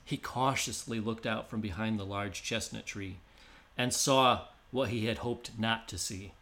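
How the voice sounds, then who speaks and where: A man narrating a traditional tale in a measured, descriptive storytelling manner. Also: on the low side, bright, forceful tone.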